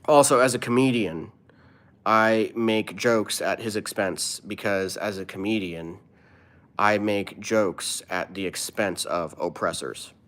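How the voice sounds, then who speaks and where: A man's voice: fairly low pitch, takes it slowly, a bit bright. A man who is a comedian, live streaming and answering his viewers' chat in an earnest, opinionated way.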